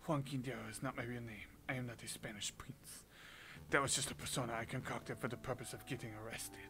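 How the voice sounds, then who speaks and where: A man voicing a secretive male bird nobleman who speaks in a hushed, low, conspiratorial French manner. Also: fairly even intonation, fast, natural voice, low-quality recording.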